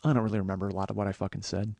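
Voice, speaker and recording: A man's voice: fairly low pitch, flat delivery, creaky, warm tone, a little hiss or hum. A man in his forties hosting a podcast, telling a long profane story in a monologue. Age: 40s. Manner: profane, fast-building storyteller. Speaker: podcast host.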